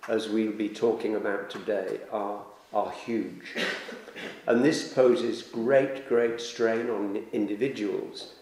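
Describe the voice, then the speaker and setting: A man's voice: on the low side, a little mellow. A man giving an earnest, formal opening speech at a conference, stressing words with repetition. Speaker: conference speaker, federation president. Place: large lecture hall. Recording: echoey hall, faint noise.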